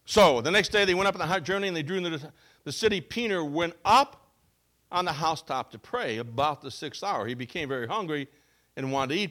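A male pastor delivering a sermon in a lively, emphatic voice. His pitch sits a little high for a man and moves widely. He swings between loud stresses and quiet, low passages. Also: a little fast.

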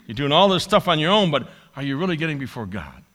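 A male pastor delivers a sermon in a bright, forceful voice that sits a little high. His pitch swings widely as he dramatizes pleading prayers. He repeats key lines for emphasis. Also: very animated, fast talker.

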